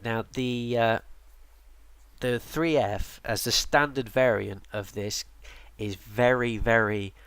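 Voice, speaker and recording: Here a game guide presenter with a lowish voice, recorded dry, gives casual tutorial narration on a game's units. He's tired and keeps yawning, and his relaxed delivery rambles with plenty of ums and restarts.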